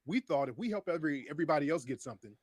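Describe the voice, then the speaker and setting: A man being interviewed, making his case in a fast, insistent and argumentative way. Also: on the high side, animated, darkish tone, husky, dry recording. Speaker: interview guest.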